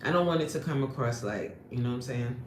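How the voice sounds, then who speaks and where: A woman's voice: a bass voice, animated, quick pace. A woman fitness coach hosting a livestream, reading the chat aloud and joking brashly in streetwise slang. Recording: echoey room with faint ambient noise.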